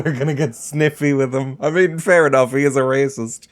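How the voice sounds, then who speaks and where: A man's voice: medium pitch, fairly even intonation, a little fast, hardly any pauses. A man casually commentating a game he plays, chatty and often giggling. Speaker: gaming video host. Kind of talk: casual let's-play commentary.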